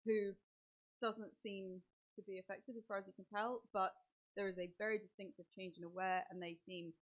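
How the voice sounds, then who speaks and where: A woman's voice: medium pitch, level tone, brisk, phone-quality sound. A woman running a tabletop role-playing game as dungeon master, narrating the scene and questioning players in character.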